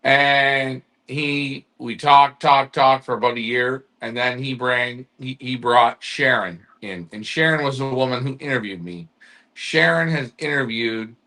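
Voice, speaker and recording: Bright-voiced man explaining patiently. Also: medium pitch, a little slow. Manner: patient, explanatory, with rhetorical questions. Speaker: co-host of a pigeon auction club show. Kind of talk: casual live-stream chat to club members.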